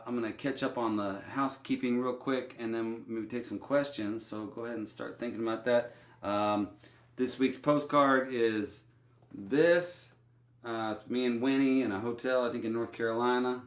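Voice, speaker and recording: A man's voice: medium pitch, a bit bright, echoey room. A man with a Texan accent, a musician hosting his own livestream, talking loosely with many fillers and restarts. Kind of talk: casual livestream chat.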